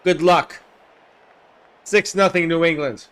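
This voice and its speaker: A man hosting a live game simulation stream, calling plays with excitement, shouting on big plays and chatting with viewers by name. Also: fairly high pitch, takes it slowly. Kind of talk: live play-by-play commentary with chat replies.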